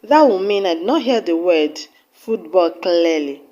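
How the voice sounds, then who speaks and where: A woman with a Nigerian accent teaching an exam-prep English lesson, slow and deliberate, often repeating her key points. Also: fairly low pitch, lively intonation, warm tone, muffled recording.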